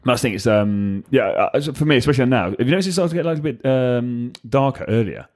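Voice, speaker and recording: A man's voice: medium pitch, animated, fast, a little mellow. A young man hosting a podcast in casual chat, chatty and rambling with lots of fillers and restarts. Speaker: podcast host.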